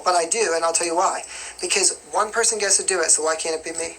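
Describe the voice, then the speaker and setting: Chatty young New York man, bright voice. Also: on the high side, fast, a little hiss or hum, poor audio. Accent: light New York. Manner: chatty and rambling, with constant "you know what I mean". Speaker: livestream host answering viewer questions. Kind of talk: casual live Q&A chat.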